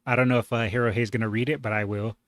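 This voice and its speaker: A man's voice: mid-range voice, level tone, racing, fairly bright tone, no echo. A man hosting a reaction video, commenting casually with sarcasm and indignant rhetorical questions.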